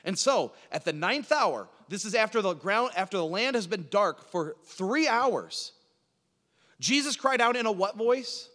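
A man's voice: high voice, expressive, measured pace, a bit bright, long reverb tail. A man teaching from the Bible in sermon style, asking his listeners questions and answering them himself, often repeating words as he goes. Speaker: preacher teaching a Bible class.

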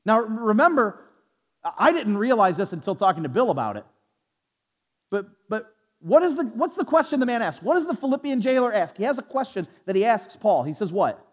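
A man's voice: high-pitched, very animated, brisk, in a large hall. A man preaching a Bible lesson who repeats words and restarts his phrases often, asking his listeners questions, on a dull, lo-fi recording. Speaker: preacher teaching a Bible study. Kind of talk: sermon.

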